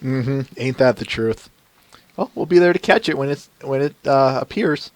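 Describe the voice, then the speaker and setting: A man's voice: mid-range voice, lively intonation, normal speed, dry recording. Chatty male podcast host. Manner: chatty, laughs often. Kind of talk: casual chat.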